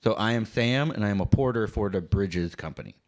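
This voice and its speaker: A man hosting a casual chat while playing a video game, relaxed and self-amused. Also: lowish voice, fairly quick. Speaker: host.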